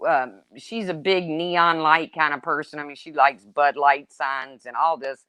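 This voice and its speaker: A woman telling casual stories, swearing freely and swinging between loud exclaims and low asides. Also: fairly even intonation, measured pace, clean tone, dry recording. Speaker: storyteller. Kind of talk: casual chat.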